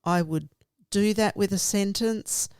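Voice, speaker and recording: Slow-spoken woman teacher, reflective. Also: mid-range voice, darkish tone, clear, resonant tone, dry recording, studio quality. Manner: reflective, explains step by step. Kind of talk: professional conversation about teaching.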